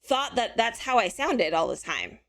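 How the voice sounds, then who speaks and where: A chatty woman streamer with a slightly hoarse voice talks easily to her viewers, reading and answering their messages as she goes. Her pitch rises and falls a lot. She keeps a friendly, casual tone throughout. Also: big pitch swings, moderate pace, a bit bright. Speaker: live-stream host.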